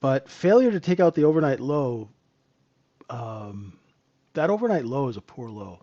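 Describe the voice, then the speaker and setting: Very animated and mid-range in pitch, this trading instructor talks at a moderate pace in a dark tone, though the top end of the audio is clipped. He leads a live trading room, teaching off the charts in an easygoing way. Viewer questions get answered on the fly, and he leans on a rhetorical "right?".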